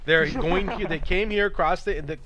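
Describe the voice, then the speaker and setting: A man's voice: a little high, normal speed, pushed and bright. A young man streaming, chatting casually in a rambling, profane, opinionated way. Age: young adult. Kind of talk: casual chat.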